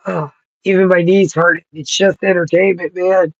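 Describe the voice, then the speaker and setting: A man's voice: high voice, little pitch movement, moderate pace, no echo, lo-fi sound. A man in his thirties vlogging outdoors on a cold, rainy night, rambling and swearing freely as he thinks aloud. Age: 30s. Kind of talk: rambling casual vlog talk.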